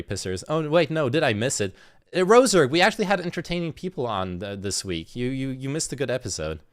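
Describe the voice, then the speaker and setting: A man reacting on a livestream, talking casually and profanely with lots of stammered restarts, recorded on a phone. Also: medium pitch. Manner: rambling, profane, stammering restarts, frequent laughs. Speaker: streamer. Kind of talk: casual reaction stream commentary.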